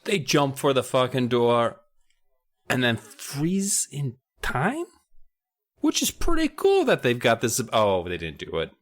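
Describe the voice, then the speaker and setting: A man's voice: mid-range voice, wildly swooping pitch, a little slow. A man co-hosting a comedy podcast, chiming in with wry, profane remarks. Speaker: podcast co-host. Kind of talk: casual comedic chat.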